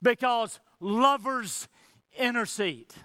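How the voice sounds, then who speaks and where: A pastor delivers an impassioned sermon in a very high-pitched, sharp voice at a slow pace, recorded dry. He acts out quoted dialogue between God and Moses and drops to near whispers for emphasis.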